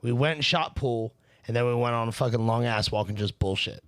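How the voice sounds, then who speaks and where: A man from Northern Kentucky tells stories in a laid-back podcast chat, swearing casually. His voice is mid-pitched and recorded dry and close. He talks with an easy, unhurried flow. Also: a bit bright, dry recording. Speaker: podcast co-host.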